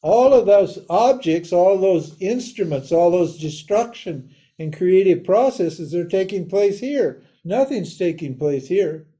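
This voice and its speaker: Older guy lecturing live, lively and jokey, high-ish voice, really dark mellow tone. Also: unhurried. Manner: casual, animated, laughs often, mimics voices. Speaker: Vedanta teacher.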